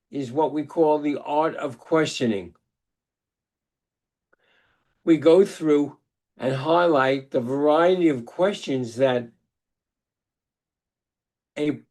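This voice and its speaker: An older man giving a webinar lecture that mixes research points with personal storytelling, talking deliberately with frequent restarts. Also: a little high, a little mellow. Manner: deliberate, halting delivery with many restarts. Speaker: psychologist giving a webinar talk. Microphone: video call microphone.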